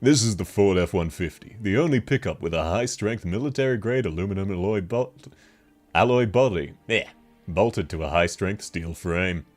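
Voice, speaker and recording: A man's voice: lively intonation, moderate pace, soft background music. Give me a man doing a pushy truck-ad announcer with a cold. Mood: hard-selling. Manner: over-the-top sales pitch. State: sick with a cold. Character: male truck commercial announcer, hard-selling.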